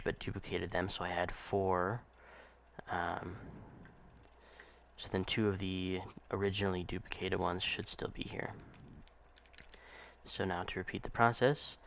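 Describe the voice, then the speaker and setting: A man casually narrating a gameplay walkthrough in a relaxed, explanatory way, with frequent ums and uhs. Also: low-pitched, gravelly, slight background noise.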